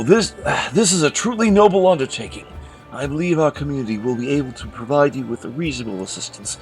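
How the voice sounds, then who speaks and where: A man voicing a humble, dignified high priest who speaks in a solemn, courteous way. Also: darkish tone, natural voice.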